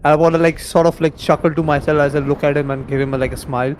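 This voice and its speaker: A man's voice: fairly high pitch, steady tone, fast, hardly any pauses, slight background noise, low-quality recording. A man playing in a tabletop game, speaking casually and hesitantly, often repeating words as he starts. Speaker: player.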